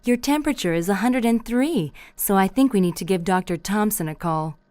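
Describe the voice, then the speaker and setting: A woman reading a mother's lines in a scripted practice dialogue, calm and careful. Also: mid-range voice, fairly quick, no room sound.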